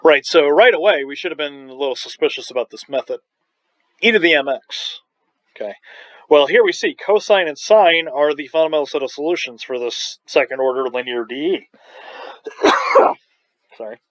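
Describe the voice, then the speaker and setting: A man's voice: on the high side, moderate pace, fairly bright tone, no room sound. A man from Long Island teaching a recorded online math lecture, enthusiastic and joking, wandering into rambling asides, with a slightly scratchy throat. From Long Island, New York. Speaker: math professor. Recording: dull, dry lo-fi recording.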